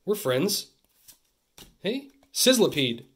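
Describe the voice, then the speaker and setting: A young Canadian man hosts a card-opening channel, chatting casually to camera as he opens packs, excitable and jokey, swinging between loud bursts and muttered asides. His voice sits high and sounds husky, and he speaks slowly.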